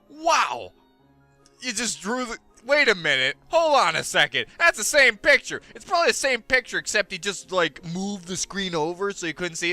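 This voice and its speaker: A man's voice: high voice, sharp tone, no echo. A man with a goofy, self-mocking manner, rambling through casual gaming commentary into a headset mic. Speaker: let's play host.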